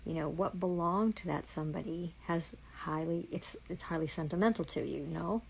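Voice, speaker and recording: A woman's voice: on the low side, moderate pace, creaky, slight background noise, poor audio. A woman with a Canadian accent, swearing constantly in a heated, accusing rant on a livestream.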